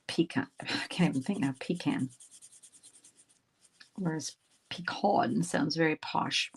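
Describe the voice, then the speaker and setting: Chatty woman, lowish voice. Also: vocal fry, rough recording. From Canada. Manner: chatty, talks while working, drifts into soft murmured asides. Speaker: craft instructor and livestream host. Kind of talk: casual livestream crafting tutorial.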